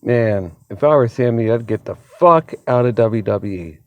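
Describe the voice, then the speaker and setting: A man hosting his own channel, chatting excitedly in a casual solo commentary, laughing often and swearing freely, amped up on an energy drink. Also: mid-range voice, normal speed. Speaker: wrestling commentary channel host.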